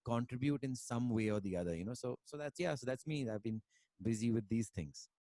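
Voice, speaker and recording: A man chats over a video call, wandering through his stories with lots of fillers and the odd Hindi word. His voice sits at an everyday middle pitch, and the sound is dry and close with no room around it. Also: fairly quick, warm tone, no room sound. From India. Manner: rambling, many fillers, mixes in Hindi words. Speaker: musician guest. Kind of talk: casual conversation and storytelling.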